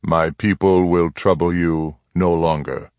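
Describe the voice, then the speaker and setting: A man voicing a grave, slow-spoken Apache chief. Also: deep voice, steady tone, darkish tone, no echo. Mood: grave, measured. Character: stern, measured older Apache chief.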